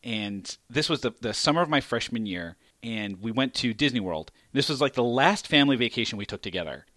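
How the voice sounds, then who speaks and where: Bright animated man telling stories. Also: fairly quick, no echo. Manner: animated, acts out quotes with big pitch jumps. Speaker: podcast co-host. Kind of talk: casual comedic storytelling.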